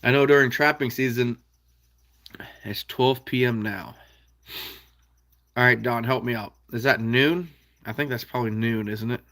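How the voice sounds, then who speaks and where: A man's voice: medium pitch, steady tone, normal speed, long pauses, fairly bright tone. A young man from the American Midwest hosting a trapping live stream, chatting casually and answering viewers by name with frequent laughs. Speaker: trapping channel host reading live chat.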